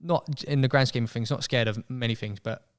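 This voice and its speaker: A young man telling a story as a podcast guest in casual chat, animated and acting out voices. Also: medium pitch, quick pace, clear, resonant tone. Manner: chatty, animated, acts out quoted voices.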